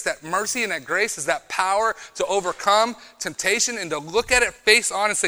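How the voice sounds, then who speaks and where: A man giving a youth sermon, preaching emphatically and moving between loud bursts and quiet storytelling. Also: high voice, expressive, brisk, hardly any pauses. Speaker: retreat speaker.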